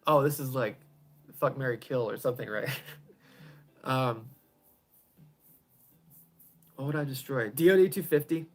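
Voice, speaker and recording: An easygoing man chatting through a live stream from his home garage, answering questions one after another. He rambles, laughs a lot, and lets his sentences fade out softly. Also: mid-range voice, moderate pace, pauses often. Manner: rambling, chuckles often, trails off quietly. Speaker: pedal builder hosting a live stream. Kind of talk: casual live-stream chat answering viewers.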